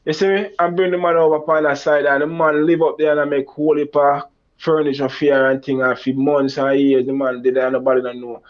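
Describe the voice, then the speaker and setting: A man's voice: fairly high pitch, level tone, fast. A man with a Jamaican accent, telling a long personal story in a rambling way, acting out quoted lines. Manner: rambling, Jamaican Creole phrasing, acts out quoted lines in a raised voice. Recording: dull lo-fi sound.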